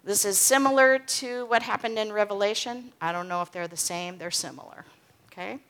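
A woman's voice: mid-range voice, brisk, fairly bright tone, clean tone. A woman teaching from the Bible in a casual way, often checking in with "okay?" and "right?". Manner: reads scripture aloud with emphasis, then explains casually with "okay?" and "right?".

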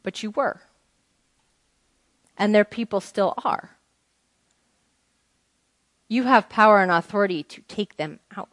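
Speaking unhurriedly and leaving long pauses, a Bible teacher with a somewhat bright, mid-range voice chats with a group in an informal lesson. She reads passages aloud and puts questions to them, recorded close and dry without any room sound.

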